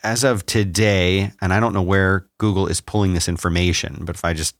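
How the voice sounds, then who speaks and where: A man from the United States co-hosting a casual podcast, relaxed and laughing easily, reading an ad in a loose way. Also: low-pitched, fairly quick, dry recording, studio quality. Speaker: podcast co-host. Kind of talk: casual chat with a read ad.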